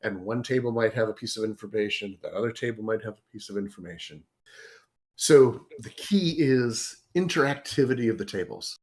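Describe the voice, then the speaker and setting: Animated, enthusiastic man chatting. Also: fairly low pitch, moderate pace. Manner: enthusiastic, animated storytelling with hesitations. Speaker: guest, game author and designer. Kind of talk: casual interview chat.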